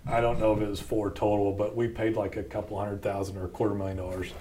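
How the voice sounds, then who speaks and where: In a lowish, mellow voice with flat delivery, a man rattles quickly through folksy, blunt stories of founding his company on his podcast, laughing frequently. A little hiss or hum is audible.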